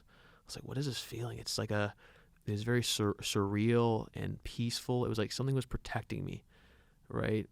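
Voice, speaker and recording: Low gravelly young man, earnest and halting. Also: dry recording. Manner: earnest, halting, many restarts and fillers. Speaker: podcast co-host. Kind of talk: personal storytelling in casual chat.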